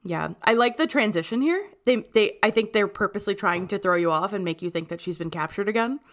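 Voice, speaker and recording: A woman's voice: medium pitch, animated, quick pace. Chatty young woman podcast co-host. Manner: chatty, laughs often, retells scenes. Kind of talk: casual chat.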